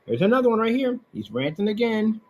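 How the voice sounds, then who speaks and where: This online seller's voice sits high, brisk, sing-song and a little mellow as he mocks a customer over emails and receipts. He talks straight to the person he's angry at, sarcastic and scornfully repetitive. There's a little hiss or hum on a low-quality recording.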